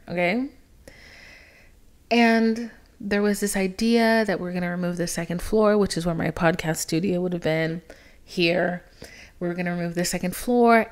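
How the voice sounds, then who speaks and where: A young woman hosting a podcast, telling a personal story in a casual, dramatic monologue, swearing freely and dropping into whispers for emphasis. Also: on the low side. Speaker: podcast host.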